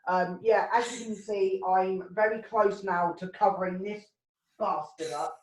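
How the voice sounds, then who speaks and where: A woman's voice: mid-range voice, fairly even intonation, unhurried, roomy sound, poor audio. A woman hosting a comedy show from home over a video call, ranting and swearing and laughing at her own jokes. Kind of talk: casual rambling stand-up hosting.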